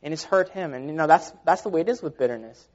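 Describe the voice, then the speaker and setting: A man's voice: a little high, animated, fast. Earnest man preaching a sermon. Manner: earnest, conversational with repeated fillers. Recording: dull lo-fi sound.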